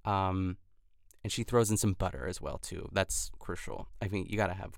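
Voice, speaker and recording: A man with a low voice talks over a close, dry podcast mic. His tone is smooth but gravelly, with frequent fry. He chats casually, packing his sentences with "like" and restarts. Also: fairly even intonation, normal speed, dry recording. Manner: chatty, lots of "like" fillers and restarts. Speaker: podcast host. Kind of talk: casual recap chat.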